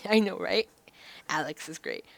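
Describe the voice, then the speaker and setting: A woman's voice: on the low side, big pitch swings, measured pace, creaky, a bit bright, dry recording. A woman in her thirties streaming a game, making giggly, playful asides between lines. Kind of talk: casual game commentary.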